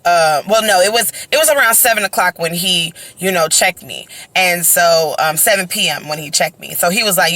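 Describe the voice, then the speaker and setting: A young woman, chatty and animated, tells a story into her phone while walking outdoors. Her voice is bright and forward. The sound is close and dry. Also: on the low side, normal speed, hardly any pauses, dry recording. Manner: animated, conversational, heavy use of fillers like "you know" and "right?". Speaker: vlogger telling her birth story. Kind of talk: casual storytime monologue. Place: outdoors, on a walk.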